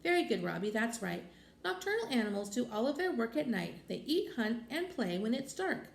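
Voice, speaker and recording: A patient schoolteacher from a storybook, as a woman reads her, who speaks calmly and instructively. Her voice is fairly high and lively, with a roomy echo around it. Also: normal speed, gravelly. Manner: calm, instructive. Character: patient kindly female schoolteacher.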